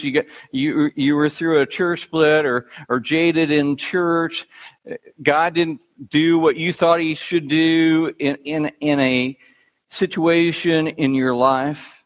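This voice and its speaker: A middle-aged male pastor preaching in a slightly high voice. He tells his story in an animated, self-deprecating way. His voice rings with the long reverb of a large hall. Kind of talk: sermon.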